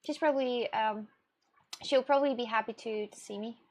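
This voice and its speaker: A woman's voice: fairly high pitch, a little fast, darkish tone. A young woman streamer from Russia, chatting casually with viewers in a rambling way, with gasps and restarts. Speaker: live streamer.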